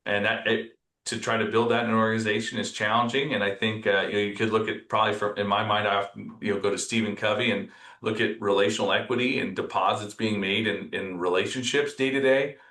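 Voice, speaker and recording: Speaking quickly in a fairly low voice, this man is a company executive guesting on a casual podcast interview. He's reflective and tells stories, animating the words of others when he quotes them, and the audio has a roomy sound.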